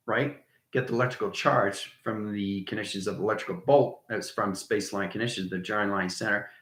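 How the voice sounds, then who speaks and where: Man, low voice, bright and forceful, rambling livestream talk, echoey room. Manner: repeats jargon, asks "right?" often. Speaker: livestream host.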